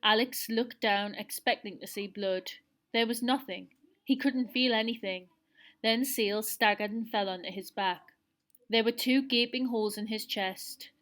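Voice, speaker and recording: A woman's voice: on the high side, fairly even intonation, unhurried, fairly bright tone. A woman teacher reading a novel aloud to her pupils and setting quiz questions. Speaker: primary school teacher.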